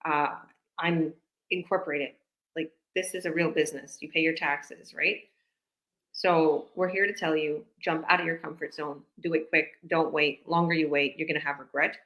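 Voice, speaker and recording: A woman business coach talks in a chatty, rambling way on a live video call, acting out little conversations as she goes. Her voice sits a bit low for a woman. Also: steady tone, moderate pace, a bit bright. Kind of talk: casual live-stream chat.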